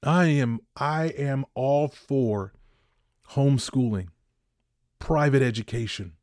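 A man's voice: mid-range voice, takes it slowly, darkish tone, no room sound, studio quality. A man in his fifties hosting a podcast, delivering a heated opinion monologue that repeats points for emphasis. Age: 50s. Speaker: podcast host.

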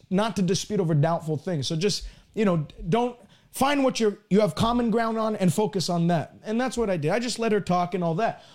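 A man with a high voice preaching a broadcast sermon. He tells a personal story earnestly and often repeats words as he builds toward his point. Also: darkish tone. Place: lives in Canada.

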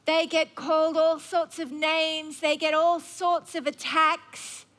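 Bright-voiced woman preacher, unhurried. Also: high voice, little pitch movement. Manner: conversational storytelling with wry humor. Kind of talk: sermon.

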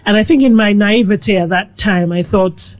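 A woman's voice: mid-range voice, moderate pace. Middle-aged Nigerian-born woman telling her story. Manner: reflective, animated with quoted asides. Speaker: guest, food blogger. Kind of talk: conversational storytelling.

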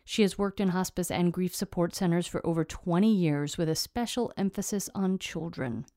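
A woman's voice: lowish voice, dark tone, no echo. A woman hosting a podcast interview, talking in an earnest, emotional, chatty way and sounding close to tears. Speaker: podcast host.

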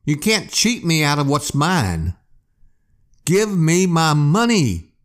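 A furious, stubborn man waving a shotgun, voiced by a male storyteller. He yells threats in a raised, strained voice that leaps around in pitch. He sounds ready to fire at any moment. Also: big pitch swings, slow. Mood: furious yelling. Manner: yelling, threatening.

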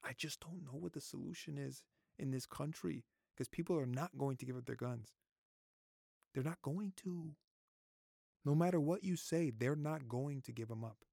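A man in his thirties talks straight to his viewers in a casual vlog, repeating himself, swearing freely and choking up. His voice has a gravelly edge and a middling pitch. The sound is close and dry. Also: moderate pace, warm tone, no echo. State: close to tears. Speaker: vlogger. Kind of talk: casual opinion talk to camera.

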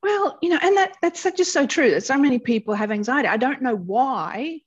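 Animated woman explaining, lo-fi audio. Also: sits high, fast talker. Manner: expressive, explains with vivid everyday analogies. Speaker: guest therapist. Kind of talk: animated explanatory interview talk.

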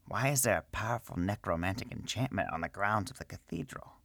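A man's voice: low-pitched, brisk, sharp tone, no echo. A man voicing a curious, wary male gnome wizard in a storybook reading, asking probing questions. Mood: whispered thought.

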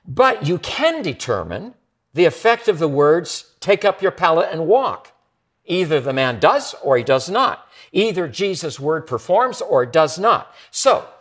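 A man preaching a sermon as pastor, with expressive delivery that drops to soft, quiet lines for emphasis. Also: sits high.

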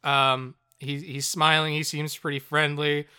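A man co-hosting a podcast, with a bright, forceful voice that sits a bit high. He tells stories in an animated way, breaks into laughter often and swears freely. The talk is loose, casual chat between friends. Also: unhurried, clear, resonant tone. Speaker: podcast co-host.

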